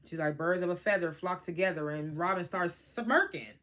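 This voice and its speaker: A vlogger with a mid-range voice talks at a moderate pace, giving a casual, blunt review of a reality TV episode. Animated and swearing freely, they act out and quote what the cast members said.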